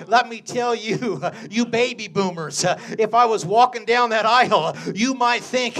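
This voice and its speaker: A middle-aged man preaching a storytelling sermon, chuckling often, saying "uh" and "amen" a lot, and swinging from low asides to loud, fervent preaching. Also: unhurried, hardly any pauses. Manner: chuckles often between phrases, peppers speech with "uh" and "amen". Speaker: pastor.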